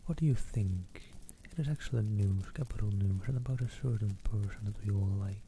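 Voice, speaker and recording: A man reading aloud, softly voicing a giddy, boastful teenage girl. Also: lowish voice, fairly quick, a little hiss or hum, close to an everyday voice. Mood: gossipy. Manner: soft, hushed reading voice.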